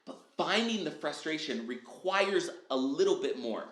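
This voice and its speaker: A man speaking as a podcast guest, upbeat and animated, acting out his own quotes and often asking "right?" and saying "dude.". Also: a little high, measured pace. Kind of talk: casual podcast chat. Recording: echoey room.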